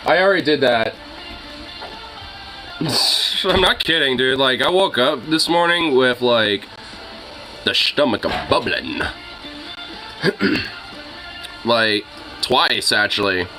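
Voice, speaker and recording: A man's voice: medium pitch, lively intonation, takes it slowly, long pauses, pushed and bright, faint music behind, low-quality recording. A young man chatting casually with his viewers, rambling with lots of fillers and swearing. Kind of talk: casual chat.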